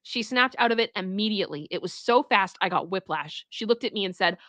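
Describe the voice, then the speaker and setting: A woman streams herself reading a story aloud for the first time. She keeps breaking in with animated, exclaiming reactions. Her voice is bright and forceful, and the sound is dry and close. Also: fairly low pitch, quick pace, hardly any pauses, dry recording. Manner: animated, exclaiming reactions between read passages.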